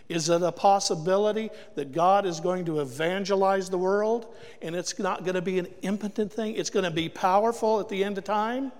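A guest preacher with a high voice delivers a sermon ending in an altar call, speaking emphatically and firing rhetorical questions at the congregation. It was recorded in a church with a big-room sound.

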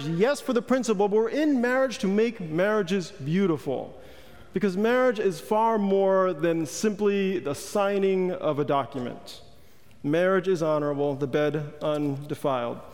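A man's voice: high-pitched, animated, a little slow, darkish tone. A male pastor preaching a sermon in a conversational, joking way, putting questions to the congregation. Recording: long hall reverb.

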